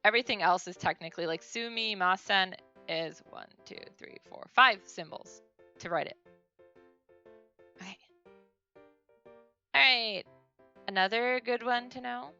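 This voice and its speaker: A woman's voice: medium pitch, unhurried, pauses often, pushed and bright, clear, resonant tone, highs cut off, soft background music. A woman streamer giving a casual beginner language lesson, chatty and full of fillers and self-corrections.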